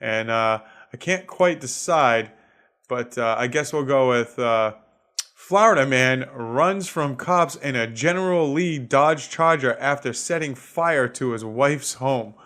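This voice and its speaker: A man's voice: mid-range voice, slow pace, fairly bright tone. A man with a Boston accent, a comedian hosting his own podcast, ranting casually and swearing a lot while laughing at his own jokes. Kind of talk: solo comedic podcast rant.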